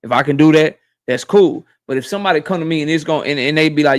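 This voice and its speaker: A man with a high voice holds forth on his livestream, and his talk is profane and animated. He addresses his chat directly in a loose, casual rant. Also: fast. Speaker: boxing YouTube host.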